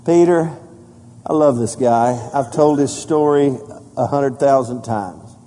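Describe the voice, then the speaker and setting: Man, pastor, sermon, mellow tone, long reverb, loud scripture reading, quiet solemn asides. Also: slow. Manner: preaches with rising emphasis, drops soft and low for solemn points. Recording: hall reverb.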